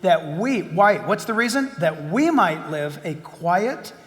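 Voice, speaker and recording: A male pastor hosting a conversational interview, speaking in a measured way and quoting scripture. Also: high voice, sing-song. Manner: measured, asks leading questions and quotes scripture. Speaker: pastor and host. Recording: long hall reverb with faint noise.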